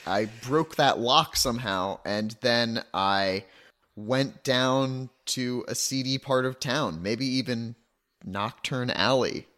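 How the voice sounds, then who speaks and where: Chill guy at a tabletop game, middle pitch, jokey. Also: slow, fairly bright tone. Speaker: player. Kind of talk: tabletop role-play.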